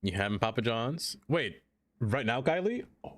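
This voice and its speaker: A young man streaming live, chatting casually with viewers in an animated, joking way and laughing often. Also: mid-range voice, normal speed.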